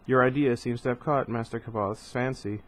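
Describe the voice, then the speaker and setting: A man voicing a cool, calculating male alien admiral in a measured, quietly menacing tone. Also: mid-range voice, steady tone, close to an everyday voice. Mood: calm, cool.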